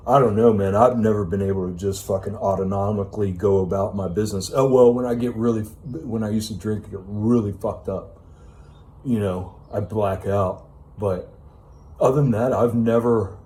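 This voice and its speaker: A man's voice: fairly low pitch, dark tone. A man giving an unscripted self-help monologue, ranting with emphatic profanity and casual fillers like "man" and "you know.".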